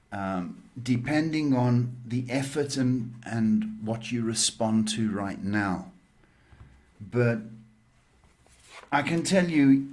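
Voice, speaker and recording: A man hosts a live tarot reading stream, speaking slowly and deliberately with a middle-pitched voice. He pauses often with ums as he gives motivational advice to callers. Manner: slow, measured, motivational advice with many ums. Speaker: psychic tarot reader and host.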